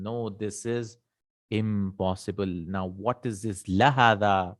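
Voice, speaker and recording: A man teaching an Arabic grammar lesson, explaining slowly, repeating terms and checking with "right?". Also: lowish voice, fairly even intonation, no echo.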